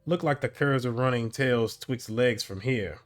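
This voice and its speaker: A man's voice: mid-range voice, measured pace, lightly acted. A man voicing a suspicious lieutenant who makes dry, muttered remarks. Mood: wry. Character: suspicious young male lieutenant, wry nobleman.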